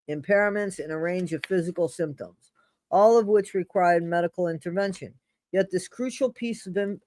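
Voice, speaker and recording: A woman's voice: on the low side, warm tone, no echo. A woman hosting a casual livestream, reading a blog aloud and answering her live chat in a chatty, apologetic way. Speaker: livestream host. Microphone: streaming setup mic.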